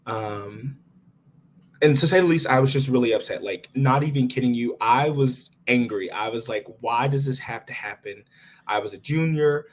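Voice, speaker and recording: Young man telling an animated story. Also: mid-range voice, a little hiss or hum. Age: young adult. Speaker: guest. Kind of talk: casual conversation.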